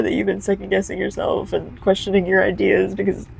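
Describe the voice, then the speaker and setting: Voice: medium pitch, completely flat delivery, a little fast, gravelly, hardly any pauses, slight background noise, low-quality recording. A card reader giving a casual, heartfelt pick-a-card energy reading, talking straight to the viewer.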